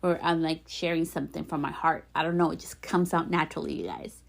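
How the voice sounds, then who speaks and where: A woman hosting her own podcast, talking earnestly and encouragingly straight to the listener, repeating gentle affirmations. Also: low-pitched, fairly even intonation, quick pace, gravelly. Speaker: podcast host. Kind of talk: heartfelt solo podcast talk.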